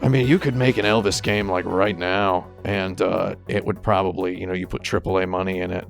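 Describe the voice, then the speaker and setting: A man's voice: low voice, steady tone, a little fast, creaky, soft background music. A man on a game podcast panel, talking in casual, rambling, jokey tangents. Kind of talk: casual chat.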